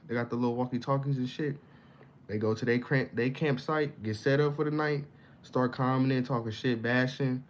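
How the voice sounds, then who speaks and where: Recorded in slightly dull lo-fi with a faint hiss, a young vlogger with a medium-pitched voice rants off the cuff. His delivery is slangy and full of profanity, wandering along before erupting in sudden loud bursts.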